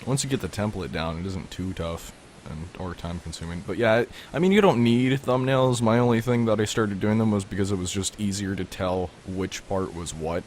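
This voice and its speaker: Low-voiced man rambling about games. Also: moderate pace, a little mellow, slight background noise. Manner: rambling, lots of fillers, explains things. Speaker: podcast co-host. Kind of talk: casual gaming chat.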